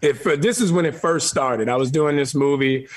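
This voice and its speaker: A man's voice: on the high side, moderate pace. A man, telling laid-back stories as a guest in a casual chat. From New Orleans.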